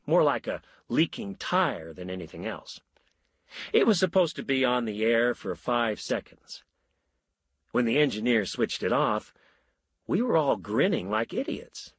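Husky male storyteller, lively inflection. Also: mid-range voice, no echo. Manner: wry, measured storytelling. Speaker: narrator. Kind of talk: audiobook narration of a short story.

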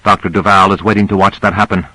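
A man's voice: deep voice, level tone, fast talker, sharp tone, dry recording, rough recording. A man reading a novel aloud, voicing a young female assistant who explains things patiently. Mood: explaining.

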